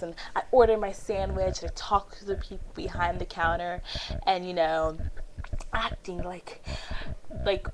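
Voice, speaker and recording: A teenage girl talking to her camera in a personal confessional vlog, animated and acting out her own inner voice. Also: medium pitch, background noise. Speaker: vlogger. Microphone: handheld camera.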